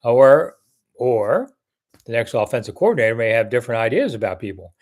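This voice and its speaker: A man's voice: medium pitch, expressive, fairly quick, darkish tone. An older man hosting a casual live sports chat, blunt and chatty as he reads viewer comments and answers them.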